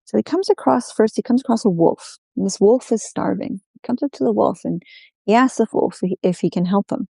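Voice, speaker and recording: Storyteller woman, oral folk tale, unhurried, warm dry close sound. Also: mid-range voice, vocal fry, husky, no echo. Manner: unhurried, repetitive refrains. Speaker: storyteller guest.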